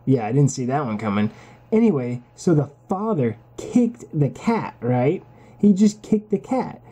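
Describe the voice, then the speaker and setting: A man vlogs in an exasperated, crude rant that keeps circling back on itself. His voice is husky and mellow, and his pitch rises and falls a lot. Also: very animated, unhurried. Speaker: vlogger. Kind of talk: casual ranting commentary.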